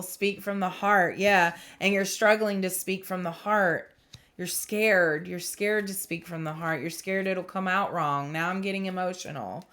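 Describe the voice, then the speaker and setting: A young woman giving an intuitive tarot reading, talking slowly and reassuringly, now and then breaking into emotional exclamations. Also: on the low side, a bit bright. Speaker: tarot reader.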